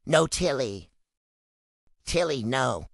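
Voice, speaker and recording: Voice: mid-range voice, expressive, takes it slowly, vocal fry, no room sound, clean studio sound, full character voice. A person voicing a hungry, dramatic pet dog who begs over and over in a home video. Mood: begging. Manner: begging, repetitive pleading.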